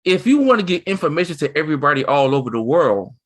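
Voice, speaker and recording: Talkative man co-host, pitched a bit high, rambling and excitable, lots of false starts. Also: fast talker. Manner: excited, rambling, with lots of restarts and "you see what I'm saying". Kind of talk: casual chat.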